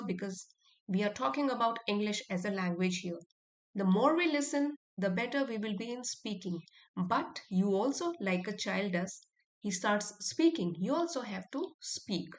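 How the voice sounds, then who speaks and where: Woman, Indian accent, English teacher, slow deliberate delivery, middle pitch. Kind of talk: instructional talk to learners.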